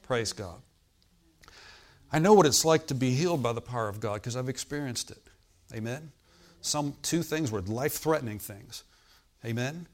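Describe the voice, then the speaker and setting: A man's voice: medium pitch, lively intonation, normal speed, long pauses. Man preaching, emphatic with "amen" calls. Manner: emphatic, repetitive, frequent "Amen?" calls to listeners. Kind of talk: sermon. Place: hotel meeting room.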